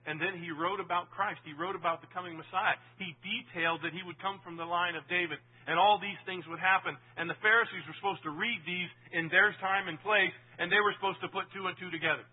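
A man preaching a sermon, animated, swinging from loud emphasis to quiet asides and putting questions to the audience. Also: sits high, a little fast, hardly any pauses, slightly rough, narrow, tinny audio.

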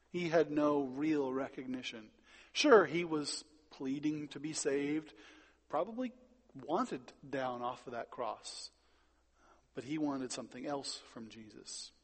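A man preaching a sermon, stressing words loudly and then dropping quiet. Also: on the high side, animated, a little slow, in a large hall. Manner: emphatic, swings between loud stresses and quiet drops. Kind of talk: sermon with Bible reading.

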